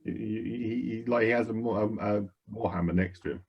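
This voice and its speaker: A man's voice: fairly low pitch, fairly even intonation, brisk, vocal fry, slightly rough, lo-fi sound. A man playing a tabletop game, stammering and amused as he jokes with the table. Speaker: player. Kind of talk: casual chat at a game table.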